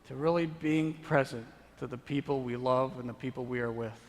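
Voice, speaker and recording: A man preaching a sermon as pastor, slow and deliberate, rising to emphatic peaks and sinking to hushed tones. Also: a little high. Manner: slow, building to emphatic then dropping to hushed. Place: church sanctuary. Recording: long church reverb.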